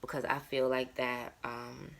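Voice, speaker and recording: A woman in her thirties speaks in a personal vlog, reflective and emotionally open. Her voice sits very low, with plenty of vocal fry. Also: little pitch movement, measured pace, slight background noise. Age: 30s. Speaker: vlogger. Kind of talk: candid personal monologue.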